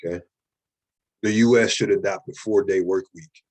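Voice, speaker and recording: A man's voice: low-pitched, fairly even intonation, normal speed, a little mellow. A man teaching a college writing class, lecturing casually and checking in often with "okay?" and "right?". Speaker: writing instructor.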